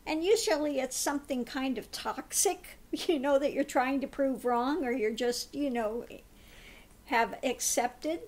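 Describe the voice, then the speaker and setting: A woman's voice: high voice, a little slow, darkish tone. A woman giving a spiritual tarot card reading in a meandering way, often laughing. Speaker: tarot reader.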